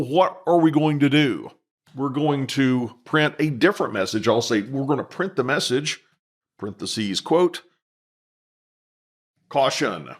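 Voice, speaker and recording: A man teaching a coding lesson over a screen recording, calmly dictating each line of code step by step. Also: fairly high pitch, slightly rough. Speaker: instructor.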